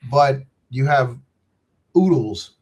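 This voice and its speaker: A man's voice: medium pitch, animated, takes it slowly, a little mellow. Man in his fifties, loose and digressive, chatting over a video call. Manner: rambling, joking, digressive. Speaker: game designer guest. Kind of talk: casual interview chat.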